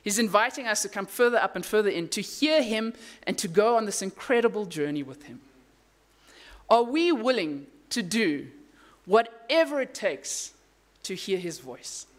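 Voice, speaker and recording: Animated preacher with hushed drops. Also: mid-range voice, normal speed. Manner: animated storytelling with emphatic rises and hushed drops; casual asides and self-corrections. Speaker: pastor. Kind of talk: sermon.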